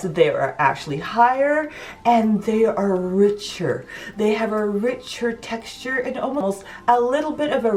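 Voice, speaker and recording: A woman's voice: medium pitch, recorded from a distance. Enthusiastic woman vlogging in her kitchen. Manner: enthusiastic, emphatic. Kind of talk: chatty cooking vlog. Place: home kitchen.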